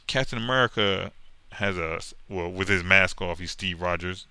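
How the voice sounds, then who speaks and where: A man ranting casually about comics in a profane, animated, mocking way. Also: low voice, normal speed, no room sound. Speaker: comic book commentator. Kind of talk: casual rant.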